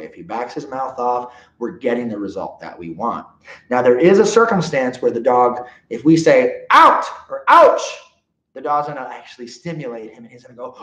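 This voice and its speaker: A man leading a live dog training seminar, animated and often checking in with his listeners. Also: mid-range voice, a little fast. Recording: roomy, dull lo-fi sound.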